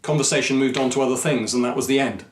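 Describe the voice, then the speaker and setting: A man, a Christian mission speaker, telling a personal story to camera in an earnest, measured, reflective way. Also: medium pitch, steady tone, slight background noise. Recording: echoey room.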